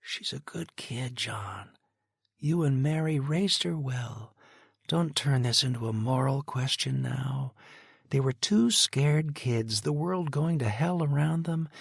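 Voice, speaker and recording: A man voicing an earnest middle-aged woman who gently but insistently pleads with a father. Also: mid-range voice, animated, slow pace, gravelly, husky, no room sound, clean studio sound, pitched above the performer's own voice, full character voice. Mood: firm.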